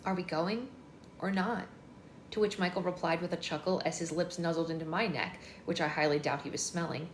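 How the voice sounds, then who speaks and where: A woman's voice: low voice, fairly even intonation, fast, few pauses. A woman hosting a book club livestream, reading a novel aloud in a chatty first-person narrating manner, indoors. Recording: echoey room with faint noise.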